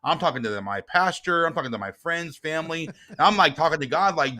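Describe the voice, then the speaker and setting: A middle-aged man, a guest and author, telling a personal story in casual talk, swinging from quiet reflection to heated retelling. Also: fairly high pitch, animated, fast talker, few pauses.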